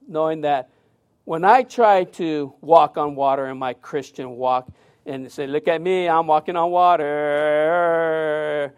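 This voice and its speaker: A man with a voice on the high side preaches a sermon, relating a personal story in a conversational, animated way.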